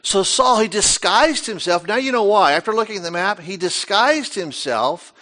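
Through vivid, theatrical storytelling drawn from scripture, this male preacher keeps asking rhetorical questions; his voice sits high and moves at normal speed.

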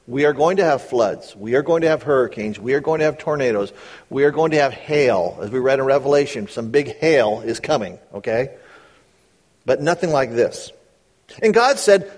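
A middle-aged man preaching a sermon, reading scripture slowly and then explaining it in quick, casual asides. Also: fairly high pitch, expressive. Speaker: pastor.

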